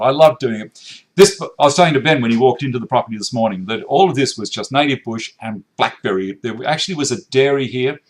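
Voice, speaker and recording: A middle-aged Australian man hosting a woodworking live stream in his home workshop, chatting and joking as he reads out viewer comments. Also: medium pitch. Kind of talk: casual live-stream chat.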